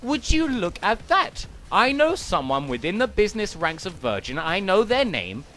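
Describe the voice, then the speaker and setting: A young man rants through a gaming commentary, sarcastic and swearing freely. His voice sits fairly high for a man and swings up and down a lot as he gets worked up. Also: sing-song, moderate pace, pushed and bright, soft background music. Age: young adult. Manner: ranting, profane, sarcastic. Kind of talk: ranting commentary.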